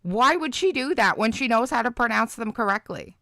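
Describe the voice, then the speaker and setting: A woman's voice: fairly high pitch, lively intonation, brisk, vocal fry, a bit bright, no room sound, studio quality. A woman hosting a casual live reaction stream, chatting with viewers by name and giving blunt opinions. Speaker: livestream host reacting to a video.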